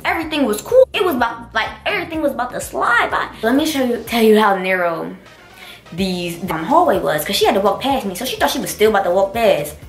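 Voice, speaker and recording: A woman's voice: fairly high pitch, quick pace. A young woman in college telling a personal story in a casual, emphatic way and acting out the dialogue. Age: young adult. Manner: animated, emphatic, acts out dialogue. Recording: roomy echo with faint music.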